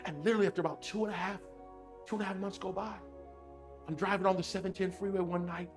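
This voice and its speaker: A man giving a motivational talk with a personal story, animated and repetitive, speaking straight to his audience. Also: high voice, quick pace, faint music behind. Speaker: motivational speaker on emotional intelligence.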